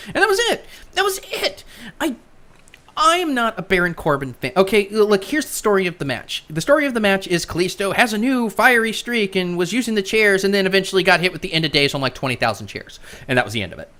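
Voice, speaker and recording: An animated woman hosting a chat podcast. Her voice climbs and dips through every sentence. She talks in a sarcastic, rambling way and often stumbles over repeated words. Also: medium pitch, quick pace. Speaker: podcast host. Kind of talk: casual wrestling chat.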